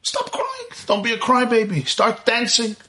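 A man voicing the biblical rebel Korach as a defiant, taunting figure, leaping up into a shrill, mocking tone. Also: huge pitch swings, moderate pace, bright, forceful tone, heavily acted. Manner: shrill and taunting, jumping high in pitch.

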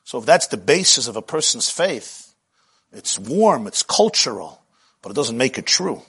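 A man's voice: medium pitch, sing-song, normal speed, a bit bright, breathy edge. A middle-aged man giving a spiritual lecture as a Jewish teacher, with rhythmic, repetitive phrasing that often builds with passion.

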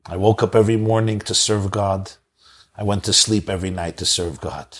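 Reb Mendel, a man doing a calm wise old believer. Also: lowish voice, moderate pace, natural voice. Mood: calm conviction. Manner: calm, steady, firm. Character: calm wise devout older man prisoner.

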